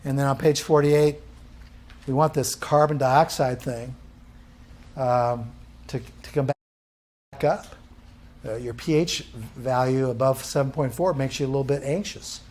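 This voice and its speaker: A man's voice: medium pitch, fairly even intonation, a little slow, long pauses, darkish tone. A male instructor giving a live classroom lecture, quizzing the room with questions and answering them himself.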